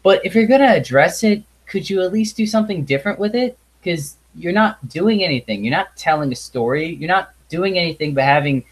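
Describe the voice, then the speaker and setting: A man's voice: high voice, expressive, rough recording. A man talks straight to the camera in an exasperated, blunt rant. He sighs often, swears freely and trips over restarts as he repeats himself. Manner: halting restarts and repetition. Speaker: video reviewer. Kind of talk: ranting review monologue.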